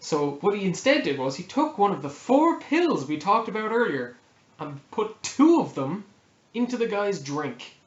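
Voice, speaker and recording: A young man casually retelling a tabletop game story, relaxed and laughing, correcting himself as he goes. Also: high voice, moderate pace. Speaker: player telling a game story. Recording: echoey room, dull lo-fi audio.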